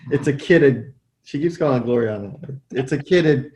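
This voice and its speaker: Man, mid-pitched, deadpan quips, casual chat. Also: measured pace, a little hiss or hum. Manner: dry, joking corrections. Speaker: cross-stitch podcast co-host.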